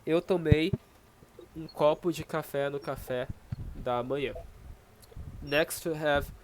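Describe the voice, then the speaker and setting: A man's voice: on the high side, a little hiss or hum, low-quality recording. A Brazilian man teaching Portuguese online in English with a Brazilian accent, explaining patiently and checking in with "okay?" often. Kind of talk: online language lesson.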